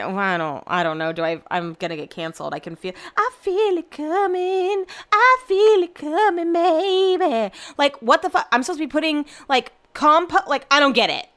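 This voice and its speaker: Young woman vlogger, slightly higher voice, casual and chatty at home, swears freely. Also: fairly quick, few pauses. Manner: chatty, swears often, animated storytelling. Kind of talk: casual chat to camera. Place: home room.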